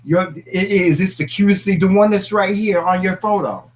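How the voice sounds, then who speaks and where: A man's voice: sits high, moderate pace, poor audio. A man co-hosting a casual live-stream talk show, reading comments and laughing as he talks. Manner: animated, laughing, reads viewer comments aloud.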